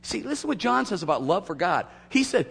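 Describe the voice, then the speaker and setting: A man preaching a sermon to his church, swinging from loud emphatic peaks to quiet asides. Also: high-pitched, big pitch swings, fairly quick, vocal fry, slightly rough. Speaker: pastor. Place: church sanctuary. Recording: long hall reverb.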